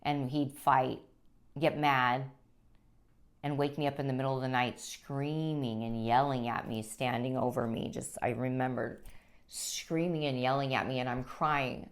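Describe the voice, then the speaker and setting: A woman sharing her personal story as a guest, speaking earnestly and haltingly, with frequent restarts. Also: extremely low pitch, fairly even intonation. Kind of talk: personal testimony.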